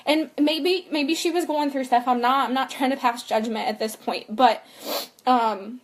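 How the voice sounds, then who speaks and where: Young woman, high pitched, candid personal vlog, earnest, rambling, lots of fillers. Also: measured pace. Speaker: vlogger and mother.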